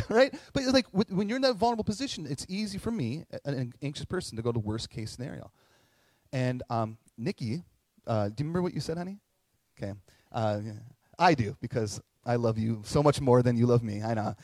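A middle-aged man preaching a sermon, telling a self-mocking personal story with sudden bursts of loud excitement. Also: mid-range voice, no echo. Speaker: pastor.

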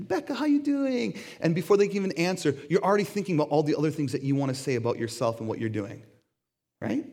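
A middle-aged man preaching a sermon in a conversational, animated way, acting out the voices he quotes. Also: a little high. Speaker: pastor.

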